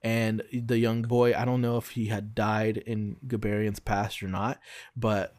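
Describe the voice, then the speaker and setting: A man from Brazil casually discussing film adaptations on a podcast, often pausing to search for words. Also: lowish voice, level tone, darkish tone, no echo. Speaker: podcast co-host.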